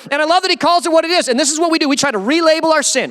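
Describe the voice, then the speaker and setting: A man's voice: extremely high pitch, very fast, few pauses, a bit bright. A male pastor giving a sermon, talking emphatically and conversationally with many rhetorical questions. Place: church sanctuary. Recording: long reverb of a church hall.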